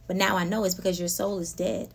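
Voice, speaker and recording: A woman hosting a casual spiritual talk, animated and laughing often as she speaks straight to her listeners. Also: fairly low pitch, fast, creaky, husky. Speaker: podcast host.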